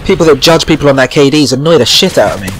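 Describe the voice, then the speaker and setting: A man's voice: a little high, lively intonation, racing, faint music behind. A man giving casual gameplay commentary, rambling and chatty and swearing now and then. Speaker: gaming channel host.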